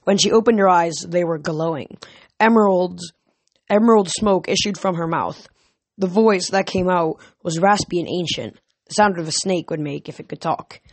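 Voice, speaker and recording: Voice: mid-range voice, normal speed, no echo. A reader narrating an audiobook in a plain way, with small slips and self-corrections.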